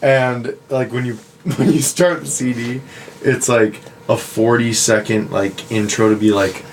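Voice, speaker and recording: A man's voice: medium pitch, normal speed, a little hiss or hum. A man hosting a casual podcast, telling a story with laughing asides. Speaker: podcast host. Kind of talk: casual chat.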